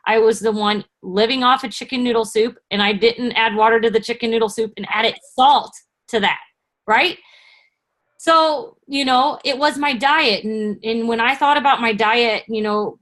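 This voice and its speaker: A woman's voice: on the high side, a bit bright. Earnest woman telling her story. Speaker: guest speaker. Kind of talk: personal story on a video call. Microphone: video call.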